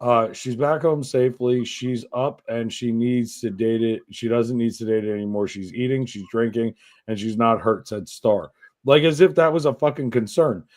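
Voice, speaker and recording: A man co-hosting a podcast, reading odd news stories aloud in a profane, animated way. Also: mid-range voice, normal speed. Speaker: podcast co-host.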